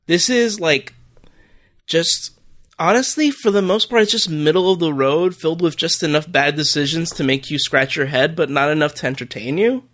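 A man's voice: fairly high pitch, moderate pace, fairly bright tone. Rambling man reviewing a movie. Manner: rambling, incredulous, lots of fillers. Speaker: podcast co-host. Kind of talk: casual movie review chat.

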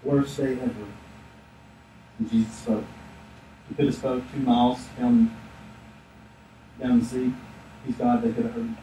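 A male pastor preaching a sermon in a lively, joking storytelling manner. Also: mid-range voice, normal speed, long pauses, slight background noise. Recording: echoey room, distant mic.

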